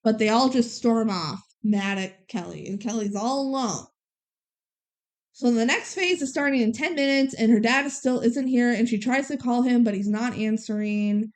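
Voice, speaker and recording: A woman with a somewhat high voice chats through a movie recap for a podcast. She retells the scenes with a lot of life and keeps slipping into the characters' lines as she goes. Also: moderate pace, darkish tone. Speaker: podcast co-host. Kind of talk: casual chat recapping a movie.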